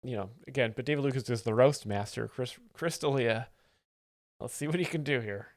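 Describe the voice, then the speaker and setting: A man commenting over a comedy clip in a dry, deadpan, mock-analytical way, as if breaking down technique. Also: medium pitch, fairly quick, no echo. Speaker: joke explainer host.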